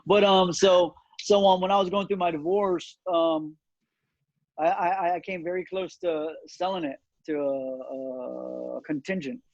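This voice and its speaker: Middle-aged male guest, earnest and halting, somewhat higher voice, dry lo-fi sound. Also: vocal fry, dry recording. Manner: earnest storytelling with many fillers and restarts. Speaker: cigar company owner, guest. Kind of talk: casual interview chat. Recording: dull, dry lo-fi audio.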